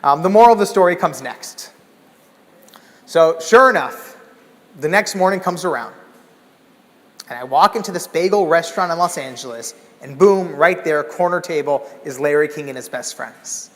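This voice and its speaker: Man, high voice, animated storytelling keynote, large hall reverb. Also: normal speed. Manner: animated, acts out scenes with loud exclamations. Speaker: keynote speaker.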